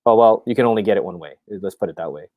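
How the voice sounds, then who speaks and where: A man with a fairly low voice hosts a casual live stream, rambling excitedly through his plans with plenty of ums and restarts. The sound is dry and close, with no room echo around him. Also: quick pace. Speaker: comic creator hosting a live stream.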